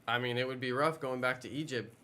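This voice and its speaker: Male game streamer, mid-pitched, bright, rambling casual banter with viewers. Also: steady tone, quick pace. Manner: rambling, playful, chatting with viewers. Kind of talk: casual live stream chat.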